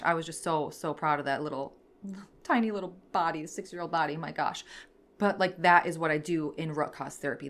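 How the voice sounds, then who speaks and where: A woman in her thirties, a podcast host and therapist, teaching in an earnest, gentle way with many fillers. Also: low voice.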